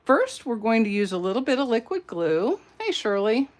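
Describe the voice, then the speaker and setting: A woman's voice: fairly high pitch, big pitch swings, normal speed, a little mellow. A woman demonstrating card-making in a casual, chatty tutorial, greeting her viewers and drifting into side stories. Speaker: papercraft demonstrator.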